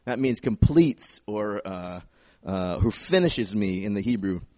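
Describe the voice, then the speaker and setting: A man preaching a sermon in an animated way, repeating phrases for emphasis and acting out the voices he quotes. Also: lowish voice, measured pace, dry recording, clean studio sound. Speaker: pastor.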